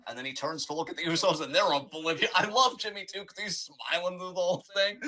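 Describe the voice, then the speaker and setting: A man co-hosting a casual podcast chat over a call, lively and slipping into character voices as he talks. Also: sits high, quick pace, few pauses, low-quality recording. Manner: animated, acts out quotes in character voices. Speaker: podcast co-host. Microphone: remote call mic.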